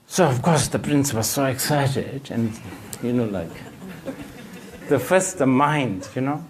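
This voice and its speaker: A man with a Bhutanese accent gives a Buddhist dharma teaching in halting, hesitant phrases packed with fillers. His voice is medium-pitched and animated, with a little hiss or hum in the audio.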